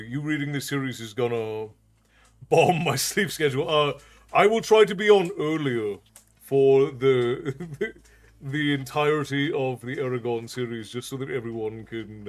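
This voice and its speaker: A man with an unusual Irish accent, chatting with viewers on a live stream and answering their comments aloud. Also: mid-range voice. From Ireland. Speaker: storytelling streamer.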